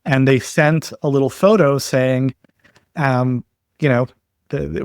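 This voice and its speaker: A man as a podcast guest, explaining his ideas in a steady way with stories and examples. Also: mid-range voice, unhurried, creaky, no echo, clean studio sound. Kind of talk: explanatory interview talk.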